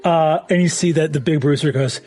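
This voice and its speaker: A man narrating a tabletop game as game master, animated and often laughing. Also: fairly high pitch, fairly quick, soft background music.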